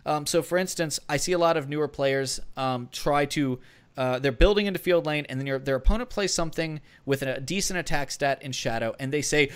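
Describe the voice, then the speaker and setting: A man's voice: a little high, a little fast, clean tone. A man co-hosting a gaming podcast, giving casual strategy advice in a rambling way with many fillers and restarts. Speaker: podcast co-host.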